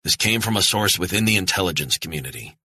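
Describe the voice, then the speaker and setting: A man reading a persuasive reporter pleading his case in an audiobook. The voice is low and husky yet forceful, and quickens when he argues. The sound is dry and close. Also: expressive, dry recording, full character voice. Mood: earnest. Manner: earnest, pressing. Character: middle-aged male journalist, earnest and persuasive.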